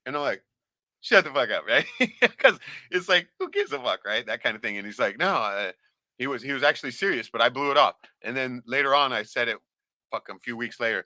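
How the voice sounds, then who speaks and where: A man's voice: mid-range voice, expressive, fast, pushed and bright, dry recording. A man telling stories in casual chat, bluntly and with constant swearing. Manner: swears constantly, blunt storytelling with lots of "right?".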